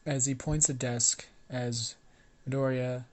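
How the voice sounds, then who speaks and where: A man's voice: medium pitch, fairly even intonation, a little slow, long pauses, a little mellow, a little hiss or hum. A man improvising a fan story aloud, rambling with restarts and swearing.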